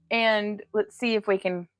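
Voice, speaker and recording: A woman's voice: medium pitch, dry recording. A woman hosting a casual jewelry-making livestream from her home craft room, chatting with viewers, laughing often and cooing at her cat.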